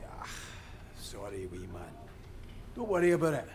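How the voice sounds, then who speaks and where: An actor playing a gruff, hot-tempered Scottish electrician on an oil rig in a video game, with a gravelly, sweary way of talking. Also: male voice, lowish voice, very animated, moderate pace, a little mellow, a little hiss or hum. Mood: wry. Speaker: game character.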